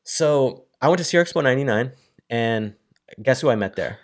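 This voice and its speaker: A man in his thirties from Northern California, chatting casually and telling animated stories with casual swearing. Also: mid-range voice, fairly quick. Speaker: guest. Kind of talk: casual chat.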